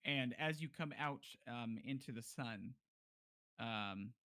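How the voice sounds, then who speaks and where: Bright-toned laid-back male game master. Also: mid-range voice, takes it slowly, no echo. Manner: laid-back, laughing, filler-heavy narration. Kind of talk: narrating a tabletop game.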